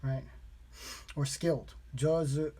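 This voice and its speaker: A man vlogging his language study, slowly repeating practice phrases aloud in a casual way. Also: fairly high pitch, fairly even intonation, dark tone. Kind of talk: casual self-taught lesson vlog.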